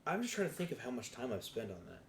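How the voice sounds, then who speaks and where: A young man co-hosting a podcast in casual chat, relaxed and laughing along with nostalgic memories. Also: medium pitch, racing, a crowd in the background. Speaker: podcast co-host. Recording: roomy echo.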